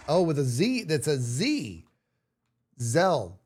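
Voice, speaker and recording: Animated, playful male streamer. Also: a little high, takes it slowly, pauses often, slight background noise. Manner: playful, animated, self-mocking. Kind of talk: casual livestream chat.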